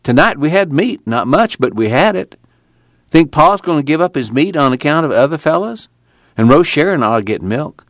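A man's voice: a little high, moderate pace, dry recording, studio quality, voice pushed up. A man doing a weary drawling farmhand. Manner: flat, blunt, tired. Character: weary plainspoken young farmhand. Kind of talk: audiobook character voice.

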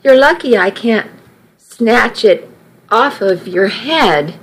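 A woman's voice: fairly high pitch, lively intonation, takes it slowly, exaggerated voice. A woman voicing an elderly grandmother in a nursing home, doting and feisty, with a teasing, affectionate drawl.

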